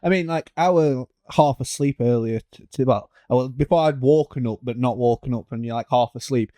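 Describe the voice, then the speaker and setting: A man's voice: mid-range voice, brisk, dark tone, no echo. A man co-hosting a podcast in casual chat, telling stories animatedly, swearing and laughing. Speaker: podcast co-host.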